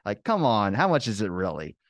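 A man's voice: fairly low pitch, brisk, no echo, clean studio sound. A young man in casual podcast chat, rambling through stories and swearing freely. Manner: rambling storyteller, swears freely, animated quoting. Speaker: podcast host.

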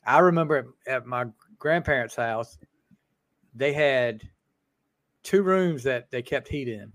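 A man's voice: mid-range voice, measured pace, a bit bright, no echo. A man co-hosting a podcast, chatting casually and reminiscing in an easygoing way. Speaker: podcast co-host. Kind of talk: casual chat.

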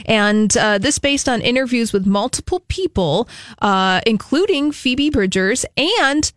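A woman's voice: fairly high pitch, lively intonation, a little slow, no echo. Woman, radio co-host, casual, laughs easily, dry studio sound. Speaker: radio talk show co-host. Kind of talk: casual chat and entertainment news reading.

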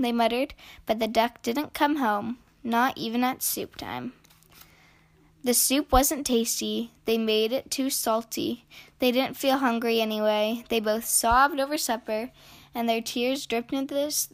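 A woman reading a children's picture book aloud in an expressive storytelling voice. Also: on the high side. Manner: slow, expressive read-aloud.

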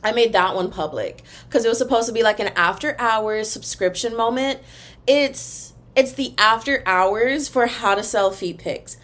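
Speaking in a slightly high voice with a fairly bright tone, this young woman runs a chatty, gossipy solo podcast and addresses her audience as y'all. She's at home in a room before a wall, using her computer's built-in microphone.

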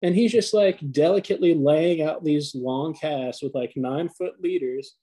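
A man co-hosting a podcast, telling stories in an animated, profane, casual way, full of fillers. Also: a little high, normal speed, low-quality recording. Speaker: podcast co-host. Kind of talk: casual chat.

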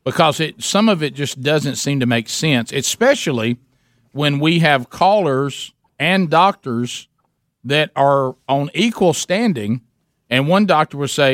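Male radio host, playful banter, lightly raised pitch. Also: expressive, a little slow, dry recording, studio quality. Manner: playful, teasing, laughs often. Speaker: radio talk show host. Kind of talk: casual call-in radio banter.

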